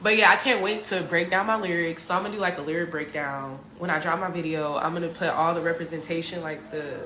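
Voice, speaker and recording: Lowish, bright, and forceful, a young woman's voice tells her story as a musician from Richmond, California. The casual, confessional talk is halting and packed with fillers and restarts, recorded with room echo and background noise.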